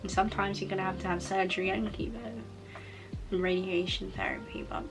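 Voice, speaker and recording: A woman vlogger sharing a personal testimony in casual storytelling, animated as she acts out her own past reactions, her speech altered by a mouth cover plate. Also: medium pitch, brisk, music in the background, rough recording.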